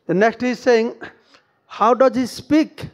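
A man's voice: extremely high pitch, unhurried. A man with an Indian English accent giving a devotional scripture lecture as a swami, often asking the audience questions and acting out quoted speech. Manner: questioning, acts out quoted speech, frequent "huh?" and "no?" tags. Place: temple lecture hall.

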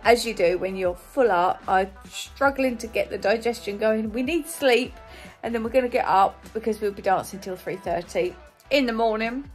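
A woman's voice: fairly high pitch, normal speed, faint music behind. Giggly woman vlogging. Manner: chatty, giggly storyteller. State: tired and giddy. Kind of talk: casual vlog chat to camera.

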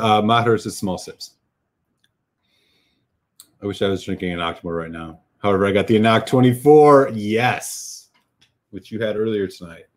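A man hosting a casual live whisky tasting, talking enthusiastically with many fillers and restarts. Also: fairly low pitch. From United States. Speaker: whisky reviewer host.

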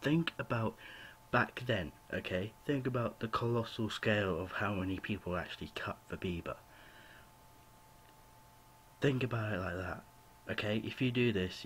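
A man's voice: lowish voice, slight background noise. A young man rambling through a home video rant, apologizing often and leaning on "you know" fillers. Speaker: vlogger. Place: home room with a cat.

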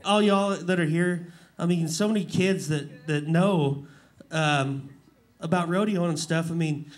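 Rodeo clown in his forties, high voice, rambling and quick to laugh, live before an audience. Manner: emotional, laughing, rambling storyteller. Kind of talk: casual talk-show storytelling.

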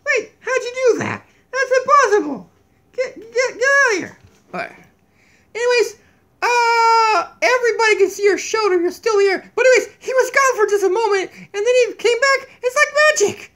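A squeaky, giggly donkey puppet. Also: male voice, expressive, normal speed, sharp tone, heavily acted. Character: silly fart-obsessed male donkey puppet, jumpy and easily scared. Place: downstairs home kitchen. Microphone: tablet camera mic.

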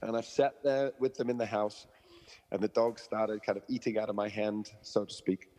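A man's voice: on the low side, steady tone, moderate pace, warm tone, big-room sound. A man, a dog trainer being interviewed, who explains through stories and analogies and acts out the people he quotes. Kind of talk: interview conversation.

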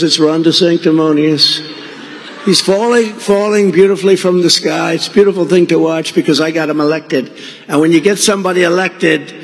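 A man's voice: fairly high pitch, long reverb tail. Man rambling at a rally. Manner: rambling storytelling with acted-out quoted dialogue. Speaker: political candidate. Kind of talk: off-the-cuff rally speech. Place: large venue.

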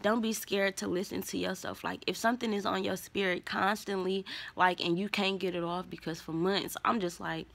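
A young adult woman vlogging a casual storytime, rambling, candid and profane, drifting between soft murmurs and louder bursts. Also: mid-range voice, steady tone, moderate pace, vocal fry, hardly any pauses.

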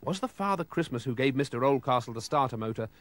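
A man reading a children's storybook aloud with lively, expressive storytelling. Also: medium pitch, fast.

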